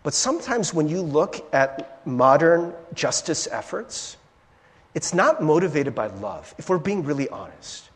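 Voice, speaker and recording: Preaching in a church sanctuary, a pastor keeps asking "right?" in an animated, conversational sermon. His voice is a little high and unhurried, carried by the long reverb of a large hall.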